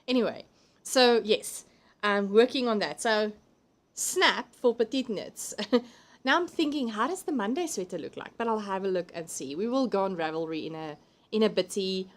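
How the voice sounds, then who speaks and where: A woman with a South African accent hosts a relaxed live stream from home, talking through a computer mic. She chats freely, laughs often and reads viewers' comments aloud as they come in. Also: mid-range voice, moderate pace. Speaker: livestream host. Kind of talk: casual chat reading viewer comments.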